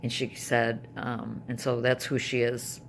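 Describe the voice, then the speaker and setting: A woman's voice: very deep voice, flat delivery, measured pace, gravelly, a little hiss or hum. An older woman talking casually to camera at home in a personal vlog, rambling with restarts and trailing thoughts. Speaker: vlogger.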